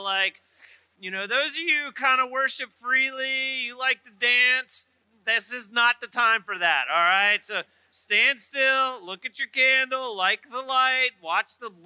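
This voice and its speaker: A man's voice: extremely high pitch, bright, forceful tone, clean tone, no room sound, low-quality recording. A middle-aged man, preaching a sermon in a church with humorous storytelling and chatty asides. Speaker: pastor. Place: church auditorium.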